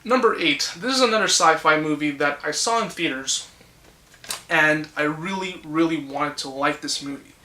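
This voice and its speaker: A man's voice: fairly high pitch, moderate pace, bright, forceful tone. A man in his twenties giving his blunt, ranting opinions on movies in a casual vlog, swearing freely. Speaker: movie reviewer. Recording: echoey room.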